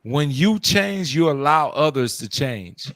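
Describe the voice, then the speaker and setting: Man, early forties, slightly high pitch, lively storyteller who acts out voices. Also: unhurried. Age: 40s. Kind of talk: casual chat.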